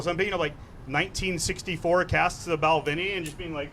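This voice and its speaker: A man on a podcast telling a casual anecdote, animated and full of "like"s. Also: fairly high pitch, fast talker, a little hiss or hum. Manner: animated storyteller, many "like"s. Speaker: podcast guest.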